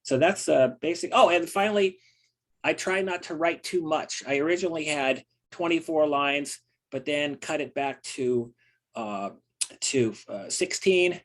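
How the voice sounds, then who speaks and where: Older American man, fairly high voice, earnest, halting, many fillers. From United States. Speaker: poet. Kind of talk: casual talk about his poem.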